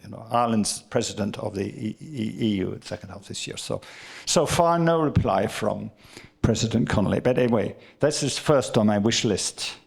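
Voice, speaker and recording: A man's voice: on the low side, a little fast, creaky, slightly rough. A man giving a rambling, anecdotal talk about his book at a literary festival, often stumbling and repeating words. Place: live literary festival event.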